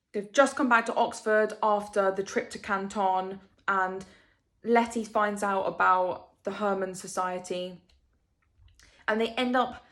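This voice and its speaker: A woman's voice: medium pitch, fairly bright tone. A young woman vlogging a casual book review, rambling emotionally and asking rhetorical questions.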